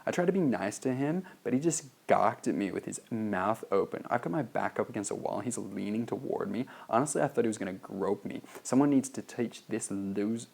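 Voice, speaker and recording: A man's voice: on the low side, a little fast, gravelly, few pauses, a little mellow. A man putting on a catty LA party girl. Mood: mocking. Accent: Los Angeles. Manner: gushing, mocking valley-girl gossip. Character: catty young woman gossiping at a party.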